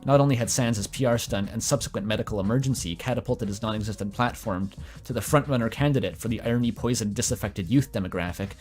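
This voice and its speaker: Guy reading a story out loud, casual, joking about himself, soft music behind. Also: lowish voice. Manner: self-deprecating asides, mild swearing. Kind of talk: casual read-aloud of fan fiction.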